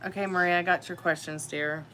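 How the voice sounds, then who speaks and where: Woman tarot reader on a home live stream, lowish voice, chatty and friendly, noticeable background noise. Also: fairly even intonation, a little fast, bright, forceful tone. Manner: chatty, friendly, calls viewers dear. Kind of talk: casual live-stream chat.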